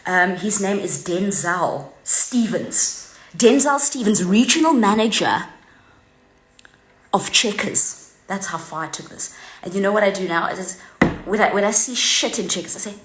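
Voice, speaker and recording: Vlogger: woman, animated swearing storyteller, echoey room. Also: medium pitch, a little slow. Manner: animated, heavily profane, tells a story with many fillers. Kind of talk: unscripted ranting anecdote. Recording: roomy echo.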